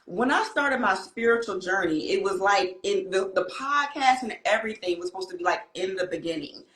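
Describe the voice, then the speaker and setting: A woman co-hosting a casual chat about trading and faith, talking excitedly and preaching a little. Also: medium pitch, a little fast. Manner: excited, preachy, African American Vernacular English phrasing. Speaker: co-host. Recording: roomy echo.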